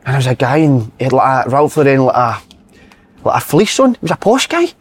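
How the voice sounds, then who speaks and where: A man with a Scottish accent hosting a casual football podcast and telling stories in a quick, animated way. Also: mid-range voice, husky. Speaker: podcast host.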